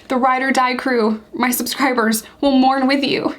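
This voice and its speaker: A woman's voice: a little high, fairly even intonation, measured pace, hardly any pauses. Outraged, emphatic young woman vlogger. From United States. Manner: earnest, emphatic, openly outraged, repeats for emphasis. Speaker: YouTube channel host. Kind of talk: impassioned commentary vlog.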